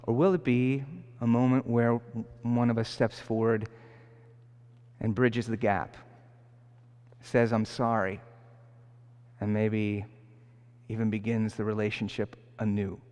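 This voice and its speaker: A male priest telling a story in a homily, with an animated storytelling manner and frequent restarts. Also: lowish voice, a little slow, long pauses, smooth. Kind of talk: sermon. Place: church. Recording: long church reverb.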